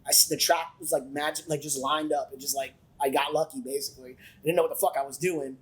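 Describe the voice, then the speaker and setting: A man on a podcast as a guest, telling stories in an animated way with lots of swearing. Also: a little high, quick pace, poor audio. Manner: animated, profane storyteller who acts out quotes. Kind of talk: casual storytelling chat.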